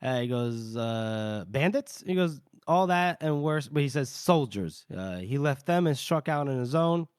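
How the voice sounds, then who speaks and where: Mid-range, expressive, smooth and a little mellow, this man's voice comes through clean studio sound with no echo. He's a podcast co-host casually summarizing a novel's chapters, dropping into quick character voices and laughing often as he retells scenes.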